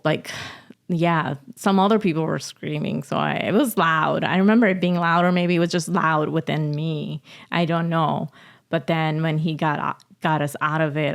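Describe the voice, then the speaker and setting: A woman telling a personal story as a podcast guest, emotional and halting, often laughing. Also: low-pitched, creaky. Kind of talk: casual interview storytelling.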